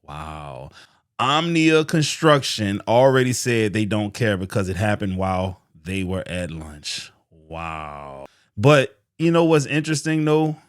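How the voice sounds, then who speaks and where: A man hosting a reaction video, giving casual, slangy, animated commentary over a clip he is playing. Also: fairly low pitch, dry recording, clean studio sound.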